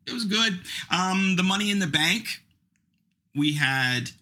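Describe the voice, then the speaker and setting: A man's voice: high-pitched, animated, a little slow, bright, forceful tone. A middle-aged man hosting a podcast, chatting casually in a rambling, self-mocking way. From Canada. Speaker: podcast host. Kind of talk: casual chat.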